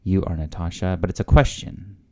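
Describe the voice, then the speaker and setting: A man's voice: deep voice, brisk, warm tone. A man learning a language on video, thinking aloud in a casual, hesitant way with lots of fillers and guesses.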